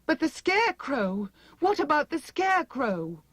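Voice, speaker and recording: A woman's voice: sits high, very animated, measured pace, a bit bright, no echo, pitched above the performer's own voice, heavily acted. A woman with a British accent voicing a brave young girl who speaks urgently and earnestly in a storybook reading. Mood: curious. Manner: urgent and pleading. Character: frightened determined young girl.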